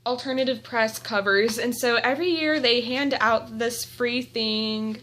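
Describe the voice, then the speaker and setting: A young woman vlogging at home, telling an excited story with giggles and gushing fangirl energy. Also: a little high, unhurried, a little hiss or hum. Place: indoors at home.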